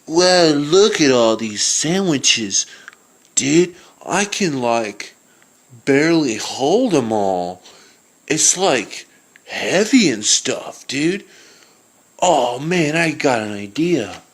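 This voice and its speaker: A man's voice: a little high, big pitch swings, very slow, exaggerated voice. A man voicing a dopey surfer-dude young man in a homemade cartoon, calling everyone dude and bro in slangy talk.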